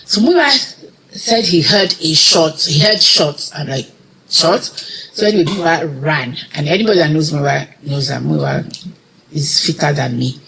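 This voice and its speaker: A woman's voice: low voice, moderate pace, creaky, fairly bright tone, a little hiss or hum, low-quality recording. A middle-aged woman with a Nigerian accent, an interview guest telling a personal story with feeling and acting out the words of the people in it. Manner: vivid retelling that acts out others' quoted words.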